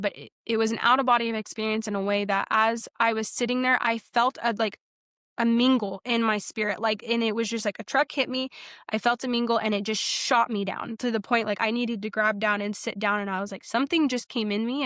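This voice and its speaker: A woman's voice: fairly high pitch, fairly bright tone, dry recording, studio quality. A young woman sharing her personal faith testimony as a podcast guest, earnest and rambling, with many fillers and restarts. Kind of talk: personal testimony in a casual interview.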